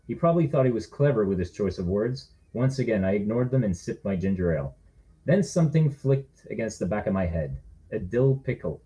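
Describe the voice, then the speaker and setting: A man's voice: lowish voice, lively intonation, fairly quick, dark tone, rough recording. A man, the author, reading his own thriller aloud in a wry, conversational first-person narration.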